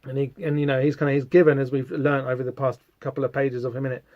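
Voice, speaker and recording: A man's voice: medium pitch, level tone, quick pace, no echo, highs cut off. A man hosting a podcast, casually walking through a comic book and reading its lines aloud with many fillers. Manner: chatty, reads quotes aloud with hesitant fillers. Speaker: podcast host.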